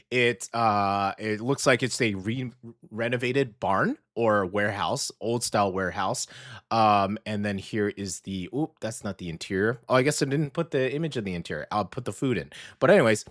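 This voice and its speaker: An American man hosting a casual radio food segment, chatty and animated, often correcting himself mid-sentence. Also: medium pitch, moderate pace, dry recording, studio quality. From United States. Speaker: radio host. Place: radio studio.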